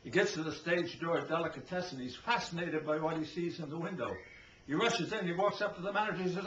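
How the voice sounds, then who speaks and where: A man telling jokes in a stand-up style, animated and switching into voices for his characters, recorded on a camcorder indoors. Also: on the high side, fast talker. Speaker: joke teller. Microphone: handheld camcorder. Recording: echoey lo-fi camcorder audio.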